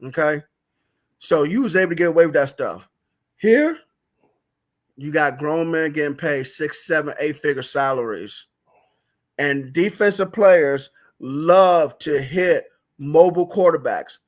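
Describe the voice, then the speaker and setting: A man's voice: a little high, a little slow. A man co-hosting a casual sports podcast, making emphatic points and repeating them for stress. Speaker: podcast co-host.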